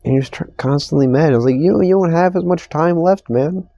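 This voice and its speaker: A man's voice: on the high side, a little fast, creaky, mellow, no echo, dull audio. A young man hosting a casual solo podcast, rambling and swearing in an exasperated rant about strangers. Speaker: podcast host. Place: store receiving area.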